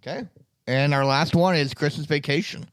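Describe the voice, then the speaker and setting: A man's voice: a little high, moderate pace, dry recording. A man co-hosting a podcast in casual chat, agreeable and full of fillers. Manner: agreeable, filler-heavy, lively. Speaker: podcast co-host.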